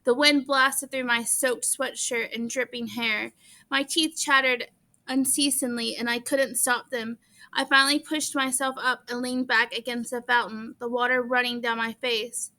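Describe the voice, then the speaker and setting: Bright-voiced woman reading a novel. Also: fairly high pitch, level tone, unhurried. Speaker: audiobook reader. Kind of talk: reading a novel aloud in first person.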